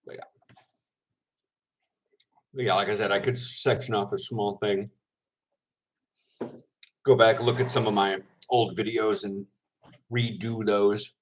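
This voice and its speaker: A man's voice: on the low side, rough recording. A man, a semi-pro linebacker, chatting casually to viewers, rambling, laughing often and correcting himself, with his mouth full.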